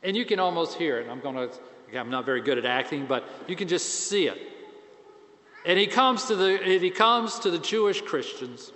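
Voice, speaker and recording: A man priest giving a conversational, self-deprecating sermon with animated swings in pitch and volume. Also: moderate pace, big-room sound.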